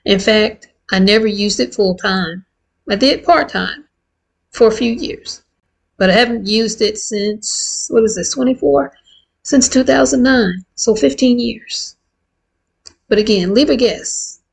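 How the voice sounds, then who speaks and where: Woman in her 50s, bit of vocal fry, just chatting to camera, open and heartfelt. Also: a little high, unhurried, rough recording. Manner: candid, heartfelt, conversational. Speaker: vlogger. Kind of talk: casual chat to camera.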